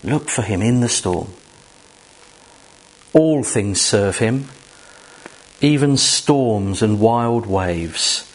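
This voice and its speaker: A man preaching a sermon to a congregation, emphatic and animated, with rhetorical questions and asides to the room. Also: lowish voice, very slow, long pauses. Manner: jokes directly with the congregation.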